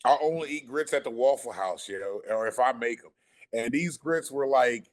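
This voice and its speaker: A man telling a story casually on a podcast, animated and profane, acting out the people he quotes. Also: medium pitch, moderate pace. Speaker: podcast guest.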